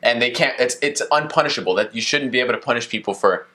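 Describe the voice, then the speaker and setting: A man's voice: mid-range voice, fast talker, pushed and bright. A man co-hosting a casual group podcast, arguing his point emphatically and swearing for emphasis. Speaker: podcast co-host.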